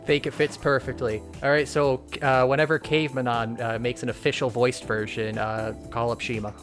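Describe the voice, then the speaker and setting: A man's voice: mid-range voice, little pitch movement, moderate pace, music in the background. A man streaming a game, reading its narration aloud in first person and bantering with friends. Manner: reads the game text aloud in first person, laughing between lines. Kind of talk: casual let's-play reading and banter.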